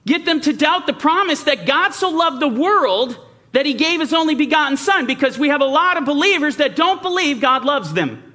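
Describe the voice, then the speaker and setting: A man's voice: extremely high pitch, animated, normal speed, sharp tone. A man preaching a sermon, emphatic, asking rhetorical questions and mimicking doubters. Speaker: Bible teacher.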